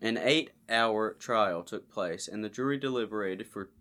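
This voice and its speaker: Male podcast co-host, low-ish voice, joking true-crime storyteller. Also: unhurried, fairly bright tone. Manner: joking, reads a case aloud. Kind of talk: casual true-crime chat.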